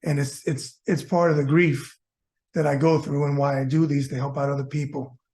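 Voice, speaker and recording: A man's voice: a little high, level tone, normal speed, a little mellow. A man from South Florida, a former boxer hosting his own show, telling a personal story in a folksy, heartfelt way and speaking straight to his viewers.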